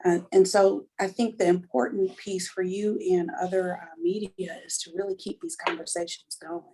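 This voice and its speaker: A woman's voice: lowish voice, little pitch movement, moderate pace, warm tone, slightly rough, low-quality recording. A woman on a real estate panel who speaks frankly and persuasively. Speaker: realtor panelist. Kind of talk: panel discussion.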